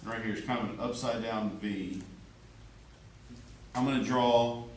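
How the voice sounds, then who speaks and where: Heard from a distance in an echoey classroom with faint background noise, this male art teacher has a mid-range voice, fairly even intonation, and a measured pace. He jokes and chats as he demonstrates a drawing and checks on his students.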